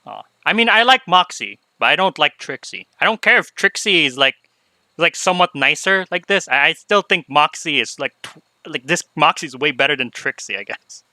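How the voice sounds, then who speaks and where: A man giving casual, rambling commentary on a game, excitable and swearing freely. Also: fairly high pitch, normal speed, dry recording. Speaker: gamer.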